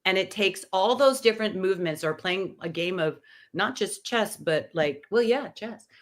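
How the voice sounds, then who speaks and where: A woman in her sixties, a podcast guest, telling an animated story and acting out the dialogue. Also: mid-range voice, normal speed. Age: 60s. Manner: animated, acts out quoted dialogue. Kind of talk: anecdotal storytelling in conversation.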